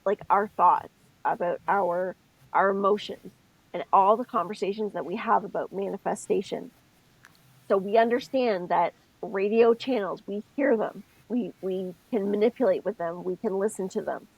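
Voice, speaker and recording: A woman's voice: medium pitch, moderate pace, slightly rough, dry recording, muffled recording. A middle-aged woman co-hosting a podcast, telling stories and explaining things step by step in a casual chat. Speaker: podcast co-host.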